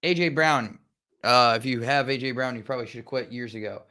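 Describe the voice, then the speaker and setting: A man's voice: medium pitch, fairly quick, pushed and bright. A man co-hosting a fantasy football podcast in casual chat, mild-mannered and against swearing, often restarting his sentences. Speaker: podcast co-host.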